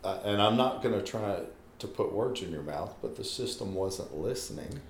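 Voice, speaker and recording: Low-voiced male interviewer, echoey room. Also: animated, moderate pace, creaky, a little hiss or hum. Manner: hesitant, probing questions. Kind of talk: interview questions.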